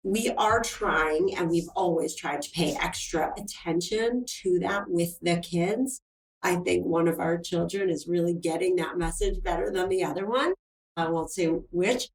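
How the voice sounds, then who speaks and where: A middle-aged woman, a film producer appearing as a guest, speaks earnestly and reflectively in a casual interview. Her voice is lowish and her pace measured, captured by a roomy, distant mic.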